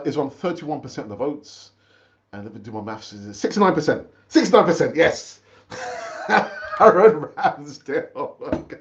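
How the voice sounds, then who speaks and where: A man's voice: mid-range voice, darkish tone. A man hosting a football fan live stream, chatting with viewers, calling them brother and often repeating his words. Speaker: fan channel host. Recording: dull, lo-fi stream audio.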